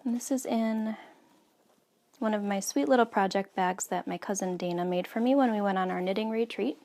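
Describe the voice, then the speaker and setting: A woman in her thirties from the United States hosts a casual knitting podcast at home. Her voice sits at a medium pitch and normal pace, and she chats away with frequent ums and soft asides.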